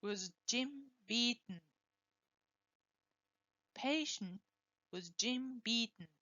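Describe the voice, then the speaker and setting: A woman teaching English pronunciation, slowly and deliberately modelling words for students to repeat. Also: fairly high pitch, sharp tone, dry recording, highs cut off. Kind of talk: pronunciation lesson with drills.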